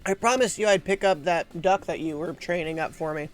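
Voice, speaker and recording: A woman's voice: fairly low pitch, a little fast, soft background music. A woman streaming a video game, chatting casually with a self-mocking, laugh-prone manner. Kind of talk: casual live gameplay commentary.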